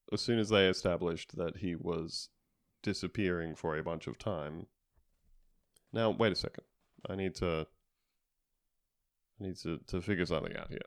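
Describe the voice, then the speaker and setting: A man with a fairly low voice chats casually through a comedic episode recap. He rambles, restarts, and peppers it with jokes and filler words. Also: gravelly, smooth. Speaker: podcast co-host recapping a TV episode.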